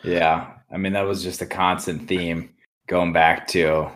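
A man's voice: deep voice, little pitch movement, unhurried, fairly bright tone. A man co-hosting a podcast, chatting casually and bluntly. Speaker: podcast co-host. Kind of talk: casual chat.

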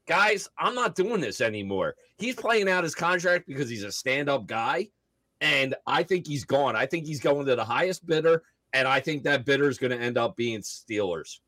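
A man's voice: mid-range voice, expressive, moderate pace, bright, forceful tone, no room sound. A man co-hosting a sports podcast, making confident predictions with some stammering. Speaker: podcast co-host. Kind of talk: casual sports talk.

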